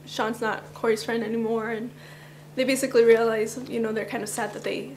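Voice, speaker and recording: Woman vlogger, slightly raised pitch, groggy cracking morning voice, chatty rambling delivery. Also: level tone, fairly quick, darkish tone, a little hiss or hum. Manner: chatty, rambling, with little laughs. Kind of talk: casual fan countdown chat.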